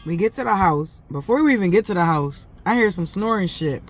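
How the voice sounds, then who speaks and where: A woman's voice: lowish voice, expressive, a little fast. A mother telling a story to camera in a casual, heated and profane way, talking in emphatic run-on bursts.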